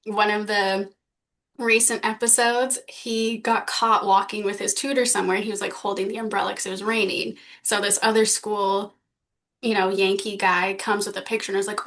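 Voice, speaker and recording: A woman co-hosting a podcast in a relaxed, conversational way. She talks in a chatty style, full of "like" and easy laughter, at a mid pitch. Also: normal speed. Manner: chatty, many "like" fillers, laughs often. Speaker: podcast co-host. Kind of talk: casual chat.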